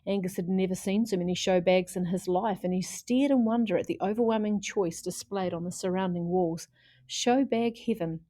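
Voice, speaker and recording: A woman reading a children's chapter book aloud in a lively way, putting on voices for the characters. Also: on the low side, a little fast, hardly any pauses, no room sound, clean studio sound. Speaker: audiobook reader.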